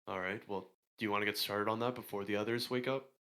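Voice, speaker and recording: A man's voice: on the low side, fairly even intonation, quick pace, pushed and bright. A man playing his character in a tabletop game, speaking mildly and conversationally. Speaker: player.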